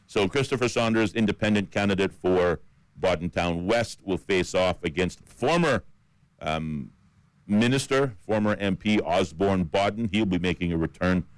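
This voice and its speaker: A Caymanian man with a very low, deep voice co-hosts a radio talk show. He reads through lists steadily, with plenty of fillers. The studio sound is dry and close. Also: moderate pace, no room sound, rough recording. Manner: steady list-reading with fillers. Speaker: radio co-host. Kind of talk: radio talk about election candidates.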